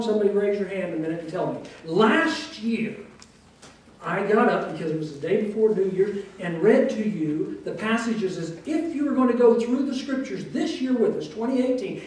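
A middle-aged male pastor delivers a folksy sermon, joking with his flock and hammering a single word through repetition. His voice sits fairly high for a man. The recording is heard from a distance inside a very echoey church sanctuary, with a faint hiss underneath. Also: a little mellow. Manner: folksy and joking, with repeated emphatic words.

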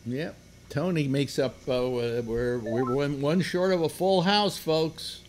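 A man's voice: fairly high pitch, takes it slowly, a little hiss or hum. An older man hosting a casual group chat, rambling with many fillers and restarts. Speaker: radio host.

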